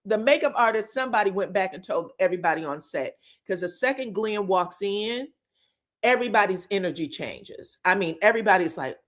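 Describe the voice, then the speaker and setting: A woman with a mid-range voice talks fairly quickly, gossiping casually about reality TV drama. She tells it energetically, swears freely, acts out what others said, and keeps asking "you know what I'm saying".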